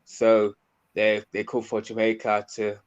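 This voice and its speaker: Slow, low-voiced Midlands man. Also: completely flat delivery, clean tone, dull audio. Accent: Midlands English, Birmingham. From English Midlands. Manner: soft-spoken, hesitant with fillers. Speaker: interview guest, youth mentor. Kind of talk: conversational interview answers.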